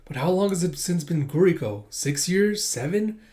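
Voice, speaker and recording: A gloomy, bookish young male apprentice from a manga who sighs and repeats himself in resignation, as voiced by a man reading aloud. The voice sits a little high. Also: lively intonation, normal speed, darkish tone, lightly acted. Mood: glum. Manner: sighing, repetitive.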